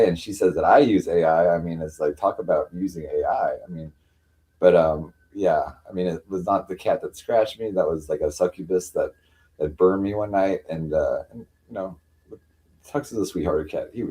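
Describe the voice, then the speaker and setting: A man on a casual live stream at home, rambling with many fillers and cooing at his cats in a higher voice. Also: warm tone. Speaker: livestreamer.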